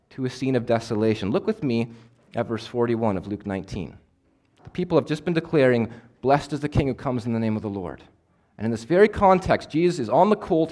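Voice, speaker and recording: A man preaching a sermon, swinging between emphatic, louder passages and hushed, quiet ones. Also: mid-range voice. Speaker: pastor.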